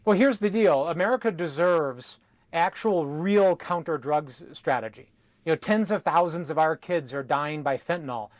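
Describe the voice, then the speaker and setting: A male politician answering a TV interview in an emphatic, speechlike way. His voice sits somewhat high for a man, and the sound is dry and close. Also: normal speed, no echo.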